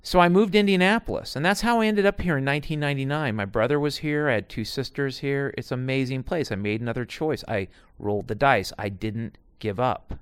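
A man's voice: mid-range voice, brisk, few pauses, smooth, no echo, clean studio sound. A man in his forties or older telling stories from his past jobs in a digressive, profane way, full of asides and restarts. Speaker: storyteller recounting past jobs. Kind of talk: casual rambling monologue.

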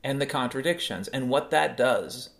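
A man's voice: mid-range voice, moderate pace, vocal fry, fairly bright tone. A man in his fifties hosting a solo podcast, ranting in a sarcastic, profane way. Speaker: podcast host.

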